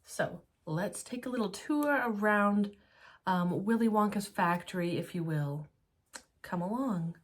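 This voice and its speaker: A woman in her thirties giving a casual tour of her small business office, chatty and laughing often, talking fast enough to get out of breath. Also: medium pitch. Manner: chatty and giggly, laughs often mid-sentence. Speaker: small business jewelry maker. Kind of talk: casual studio tour vlog. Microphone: handheld camera while walking around.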